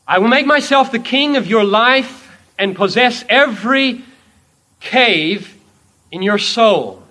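A man voicing a sovereign king who speaks in a calm, commanding, measured way. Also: very high-pitched, voice pushed up, heavily acted.

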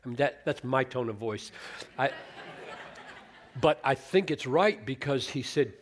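A male preacher works through a Bible passage in an unhurried, deliberate sermon. He speaks earnestly, often restarting a word while he thinks aloud. His voice sits at an ordinary middle pitch. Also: expressive, a little hiss or hum. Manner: earnest, restarts words while thinking, acts out quoted lines.

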